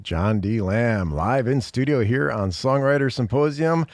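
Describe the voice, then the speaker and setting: A man hosts a show in a radio studio, speaking at a middle pitch. His comments are short and upbeat as he brings in his guest. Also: expressive, a little slow, soft background music. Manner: brief, upbeat remarks. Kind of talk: live radio interview. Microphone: studio microphone.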